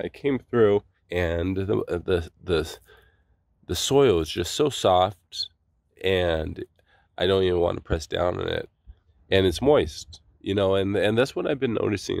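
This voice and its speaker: A man's voice: low voice, creaky, a little mellow, no room sound, clean studio sound. A congested man hosting a casual garden vlog, talking enthusiastically and rambling with many restarts. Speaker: gardening channel host.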